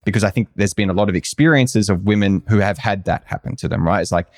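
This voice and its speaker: A man's voice: fairly low pitch, fast talker, no room sound, studio quality. A man in a casual conversation, speaking reflectively and thoughtfully, with frequent fillers.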